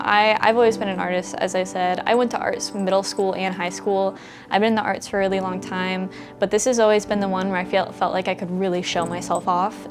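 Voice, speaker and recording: A woman reflects on her art in a documentary interview, pausing often with "um" as she gathers her thoughts. Her pitch sits in an ordinary middle range. Music plays clearly beneath her voice. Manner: reflective, with "um" fillers. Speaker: interviewee, fursuit wearer and artist. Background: background music.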